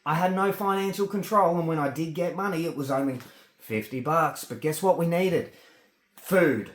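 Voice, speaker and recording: An Australian man in a rambling, agitated personal rant, full of swearing, with halting speech that gets stuck on words. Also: fairly high pitch, roomy sound. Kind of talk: ranting personal monologue.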